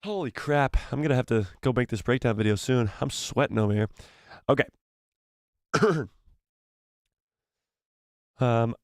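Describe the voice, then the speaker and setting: Hoarse, excitable man hosting a live stream. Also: medium pitch, dry recording, studio quality. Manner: excitable, frequent exclamations and quick laughs. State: losing his voice, throat-clearing. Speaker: livestream host. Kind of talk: live watch-party chat, reading viewer messages.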